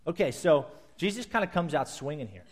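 A male pastor delivers a sermon in a relaxed, conversational way. His voice sits a little on the high side, and he slips into quick acted-out lines when he quotes others.

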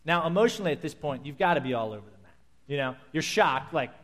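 Animated storytelling male preacher. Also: a little high, quick pace. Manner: animated storytelling, acting out scenes and sound effects. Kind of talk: sermon.

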